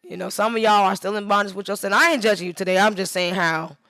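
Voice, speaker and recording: A woman's voice: medium pitch, fast, pushed and bright, no echo, studio quality. A woman photographer talking casually on a livestream while she edits, rambling and emphatic, drifting into preachy asides, sounding worn out. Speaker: photographer livestreaming her editing.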